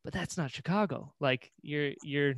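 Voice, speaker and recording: A man's voice: a little high, moderate pace, no room sound. A man hosting a podcast, chatting casually and agreeing often with his guest. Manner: relaxed, chatty, frequent short agreements and laughs. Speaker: podcast host. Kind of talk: casual interview chat.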